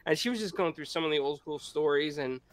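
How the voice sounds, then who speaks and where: A man's voice: fairly high pitch, fast talker. A man chatting casually and rambling about family stories, laughing often and restarting his sentences. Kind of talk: casual chat.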